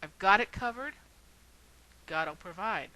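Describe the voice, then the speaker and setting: A woman's voice: medium pitch, lively intonation, slow pace, pushed and bright, rough recording. A woman voicing a stubborn, devout man who insists his faith will save him, speaking insistently and then pleading.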